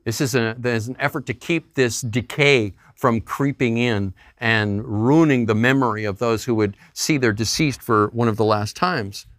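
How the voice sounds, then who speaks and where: A man's voice: mid-range voice, moderate pace, few pauses, a bit bright, no echo, studio quality. A man preaching a sermon as pastor, acting out quoted voices.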